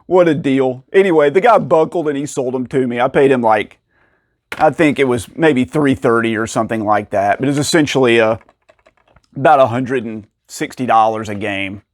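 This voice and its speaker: Speaking at normal speed, a video game collector and channel host shares casual stories to camera about tracking down rare games, animatedly acting out quoted dialogue with sudden pitch jumps and laughing a lot.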